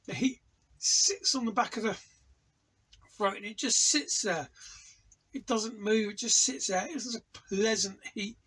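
A man from England talks slowly in a high, slightly husky voice. He rambles happily and tastes aloud as he reviews a sauce from an indoor home studio. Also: fairly bright tone, low-quality recording. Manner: enthusiastic, rambling, tasting aloud. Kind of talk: casual product review vlog.

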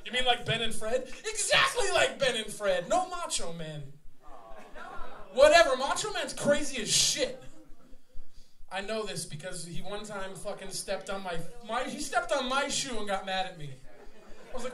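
Rowdy high-voiced man joking on stage. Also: sing-song, normal speed. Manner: loud, joking, profane, laughing often. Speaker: rapper and front man. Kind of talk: crude stage banter with the crowd. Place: small theater stage at a live show. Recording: echoey live room, mic heard from far, loud crowd.

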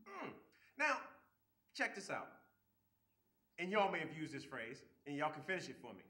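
A man giving a relationship seminar talk, animated, acting out quoted people and often repeating words as he starts sentences. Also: a little high, normal speed, roomy sound. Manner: acts out quoted people with voice shifts. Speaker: seminar speaker.

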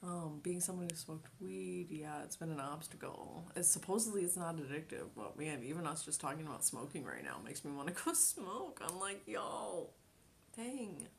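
A woman's voice: low voice, sing-song, brisk, creaky, few pauses, a little hiss or hum. A woman streamer in casual chat, talking loosely with many ums and likes and laughing often. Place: home kitchen.

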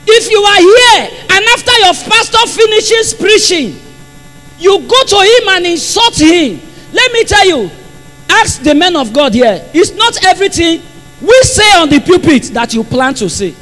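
A man's voice: very high voice, very animated, unhurried, sharp tone. A man with a Nigerian accent preaching a sermon in church, impassioned and repeating phrases for emphasis. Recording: long hall reverb.

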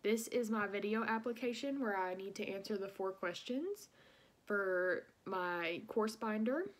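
A woman's voice: medium pitch, animated, unhurried. Nervous, breathless young woman. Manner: earnest, nervous. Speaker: teaching program applicant. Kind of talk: video application answers, partly prepared.

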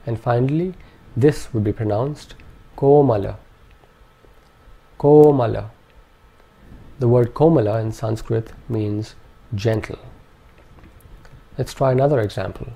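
A man calmly narrating a pronunciation lesson with measured, precise enunciation. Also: lowish voice. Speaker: language teacher. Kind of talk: instructional narration.

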